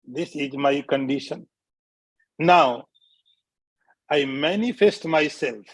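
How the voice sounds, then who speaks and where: Slow, deliberate male spiritual teacher. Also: fairly high pitch, no room sound. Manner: slow, deliberate, repeats key phrases and chants verses. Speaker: swami teaching scripture. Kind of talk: spiritual lecture.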